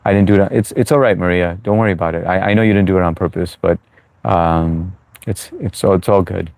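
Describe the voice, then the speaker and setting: An American-born man hosts a live chat Q&A in New York, answering viewers in a chatty, reassuring way full of fillers. His voice is low, gravelly and darkish with a steady tone, he talks briskly, and there's no echo.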